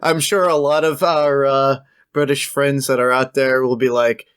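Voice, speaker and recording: Brief: relaxed male co-host, mid-pitched voice, laughs easily, dry studio sound. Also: moderate pace, clean tone, no echo. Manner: easygoing, laughs often, quotes film lines. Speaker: podcast co-host. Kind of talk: casual movie review chat.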